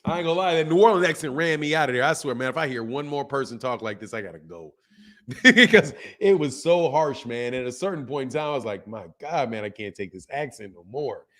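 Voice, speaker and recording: Laid-back middle-aged man, fairly high voice. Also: animated, quick pace, a bit bright. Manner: loose and slangy, chuckles, reads viewer questions aloud. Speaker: host of a boxing channel live stream. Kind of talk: casual live-stream chat.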